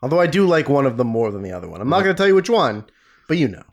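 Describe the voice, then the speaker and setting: A man trades banter on a comedy podcast in a mid-pitched voice. He lands provocative jokes deadpan, stretching out the setup before the punchline. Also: racing, muffled recording. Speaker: podcast co-host.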